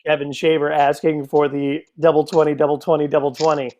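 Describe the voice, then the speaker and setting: A man's voice: a little high, level tone, a little fast, a little mellow, muffled recording. A man from the United States doing live darts commentary, chatty and joking in asides to viewers.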